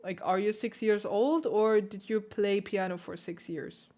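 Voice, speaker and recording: A woman who hosts a piano channel, critiquing viewers' playing with emphatic, animated coaching. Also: medium pitch, a little slow. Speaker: piano teacher and channel host.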